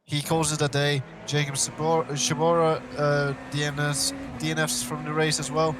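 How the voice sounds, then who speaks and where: A man commentating a live sim race, excitable and full of fillers and exclamations. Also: on the high side, normal speed, background noise.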